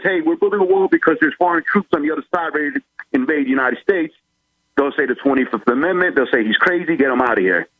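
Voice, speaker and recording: A man's voice: on the high side, no echo. A male caller on a talk radio show, speaking in an urgent, plain-spoken, warning way. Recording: tinny phone line.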